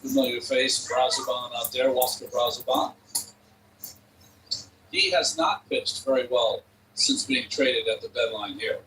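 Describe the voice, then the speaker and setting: A man's voice: medium pitch, flat delivery, unhurried, fairly bright tone, recorded from a distance, a little hiss or hum, low-quality recording. Analytical baseball color commentator, man. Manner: conversational, analytical.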